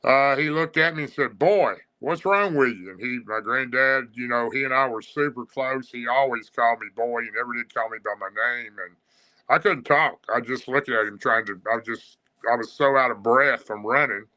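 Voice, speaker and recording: A man tells a personal story as a guest, in a casual, rambling way full of pauses and restarts. His voice is very bright and sharp. His pitch sits in an average range. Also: low-quality recording. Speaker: guest recounting encounters.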